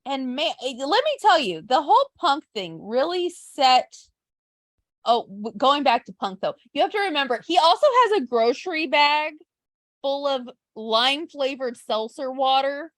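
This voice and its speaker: A woman co-hosting a casual podcast who swears freely and retells events with quick quoted asides. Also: high-pitched, big pitch swings, fairly bright tone, dry recording. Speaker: podcast co-host. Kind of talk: casual chat.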